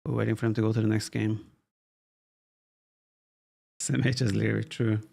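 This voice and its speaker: Gravelly-voiced man casting a game stream. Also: fairly low pitch, moderate pace. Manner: relaxed, thinks aloud, reads chat questions aloud. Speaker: esports caster and streamer. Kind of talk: casual live-stream game commentary. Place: home office.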